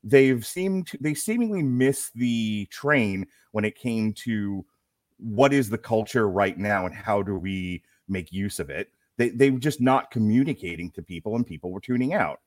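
Lively Brooklyn man on a podcast. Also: on the low side, no echo, clean studio sound. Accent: Brooklyn, New York. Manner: animated storytelling, quick asides, frequent laughter. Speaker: podcast co-host. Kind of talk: casual chat.

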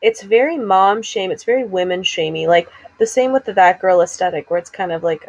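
A woman's voice: medium pitch, a little fast, few pauses, darkish tone, muffled recording. A woman co-hosting a casual chat, talking in an emphatic, opinionated way full of "like.". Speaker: podcast co-host.

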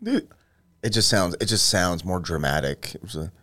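A young man co-hosting a podcast, riffing in a sarcastic, deadpan way with casual profanity. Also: deep voice, moderate pace. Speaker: podcast co-host. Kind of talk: casual banter.

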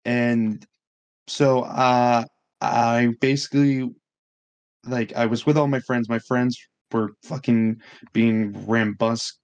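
A man's voice: medium pitch, slow pace. A young man, telling a story on a casual podcast, swearing often and acting out what others said. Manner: animated, swears a lot, acts out quotes. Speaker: podcast co-host.

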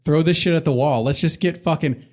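A man's voice: fairly high pitch, a little fast, darkish tone. A man chatting casually on a podcast, rambling and swearing, with frequent filler words. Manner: profane, rambling, breaks into goofy impressions. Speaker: podcast co-host. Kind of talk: casual chat.

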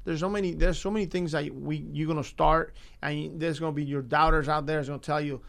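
A man, a former baseball coach, talking in a casual interview in an earnest way, often repeating himself and filling pauses. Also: fairly high pitch, steady tone, gravelly, fairly bright tone. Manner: earnest, repeats words, frequent fillers.

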